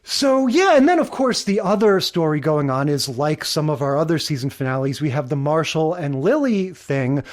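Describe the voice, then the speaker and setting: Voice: mid-range voice, very animated, moderate pace, few pauses. A podcast co-host giving emphatic, opinionated commentary on sitcom episodes in casual chat.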